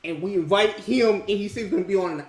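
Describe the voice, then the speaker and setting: A man's voice: high voice, very fast. A man co-hosting a gaming podcast, laughing often and trading playful banter in casual chat. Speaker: podcast co-host. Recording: echoey room.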